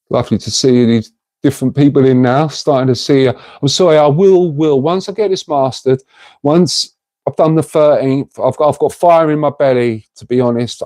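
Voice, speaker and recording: A middle-aged man hosts a casual livestream, talking to his viewers in an earnest, rambling way. His voice is mid-range with a dark tone, and the recording is dry.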